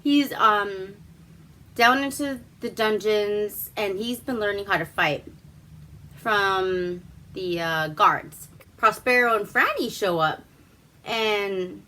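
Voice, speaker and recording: A woman vlogger chats her way through a movie plot at an unhurried pace, with a bright, forward tone. Her speech is loose and full of fillers and casual swearing. She is at home with a glass of wine. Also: medium pitch.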